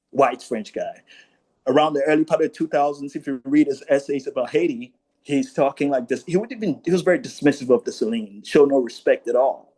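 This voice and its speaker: Mellow-voiced man lecturing casually. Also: mid-range voice, rough recording. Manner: conversational, full of "you know" and "right?" tags; reads quoted speeches aloud, then comments. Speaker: speaker at a commemoration talk. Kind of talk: informal history lecture.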